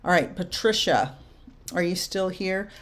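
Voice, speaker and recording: A young adult woman medium giving spirit messages to viewers in a casual live chat, halting and soft-spoken. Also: fairly low pitch. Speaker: medium answering viewer questions.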